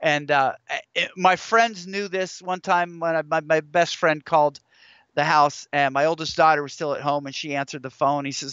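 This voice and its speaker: Middle-aged guy guest author, earnest preachy storytelling, bright voice, dry slightly dull sound. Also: fairly high pitch, fairly even intonation, brisk, smooth, no room sound. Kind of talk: interview conversation.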